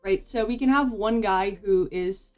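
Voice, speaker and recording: A woman streamer talks casually as she draws, her pitch sitting in a middling range. She rambles and swears, tossing "bro" around in loose slang. Soft music plays faintly behind her. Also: a little slow. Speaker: VTuber streamer. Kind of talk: casual commentary while drawing.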